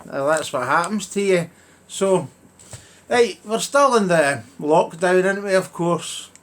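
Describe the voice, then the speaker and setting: Man, comic monologue, slightly high voice, sweary, acts out voices, home camera. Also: animated, a little slow. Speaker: comedian. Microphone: own camera.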